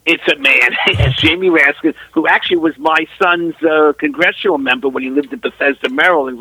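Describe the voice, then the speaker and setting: An older man, a guest commentator, speaks in a gravelly and slightly husky voice with a bright, pointed edge. His pitch sits somewhat high and he rambles earnestly from point to point, his voice leaping upward when he leans on a word. The sound is dry and close. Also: dry recording, poor audio. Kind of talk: phone-in radio talk.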